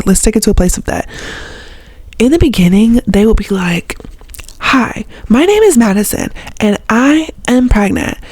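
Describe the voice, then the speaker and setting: A young woman with a Southern accent rants straight to camera, blunt and sarcastic, with a mild swear word here and there. Her voice is husky and warm in tone. The recording is close and dry. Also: medium pitch, dry recording. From Southern United States. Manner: blunt and sarcastic, swears freely, mimics others in mocking voices. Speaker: vlogger. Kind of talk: casual ranting commentary to camera.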